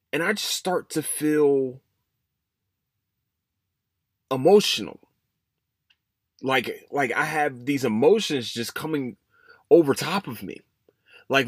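Low-voiced man hosting a rambling podcast. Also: a bit bright, no room sound, studio quality. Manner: rambling, with many fillers and restarts. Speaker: podcast host. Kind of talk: casual solo podcast monologue.

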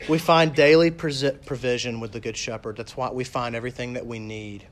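A man preaching a sermon as a pastor, talking casually with lots of "like" and "you know", and reading scripture slowly and softly. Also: medium pitch, steady tone. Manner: conversational, with fillers like "like" and "you know".

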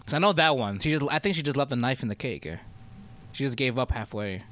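A man in a relaxed podcast chat, at an ordinary mid pitch. He talks in a loose, rambling way, restarting his sentences, and laughs easily. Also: quick pace. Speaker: podcast co-host. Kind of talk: casual chat.

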